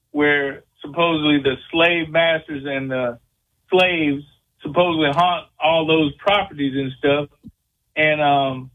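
Caller note: louisiana man, higher-pitched, folksy and rambling, tinny phone line. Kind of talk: call-in question on radio.

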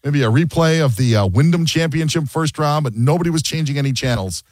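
A man hosts a sports talk radio show in a loose, joking way, slipping into quick impressions. His pitch swings widely as he talks. The studio sound is dry and close. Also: no echo. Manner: animated, jokey, acts out quotes.

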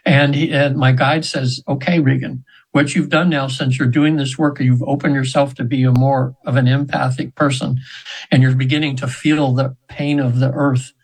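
A man in his seventies, a radio guest, telling a long rambling story with restarts and frequent throat-clearing. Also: medium pitch, little pitch movement, moderate pace, poor audio. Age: 70s.

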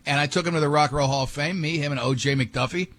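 Radio host, male, husky voice, rambling anecdotes in loose studio banter. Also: a little high, fast, fairly bright tone. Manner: rambling storyteller, many restarts.

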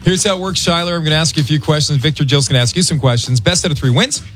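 Animated middle-aged male radio host. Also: on the high side, rapid-fire, soft background music. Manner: animated, dramatic, mock-aggrieved. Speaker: radio morning show host. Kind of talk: morning radio banter. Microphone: studio mic.

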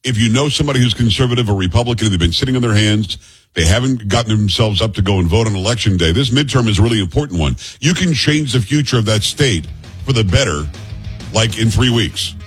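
A man's voice: on the low side, lively intonation, fast talker, breathy edge, soft background music. A man hosting political talk radio, rambling and restarting his phrases.

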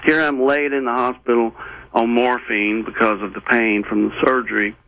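Gravelly man telling an earnest story. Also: medium pitch, flat delivery, fairly bright tone, dry recording, highs cut off. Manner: earnest, rambling, halting with many restarts. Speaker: interview guest. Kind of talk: personal storytelling in conversation.

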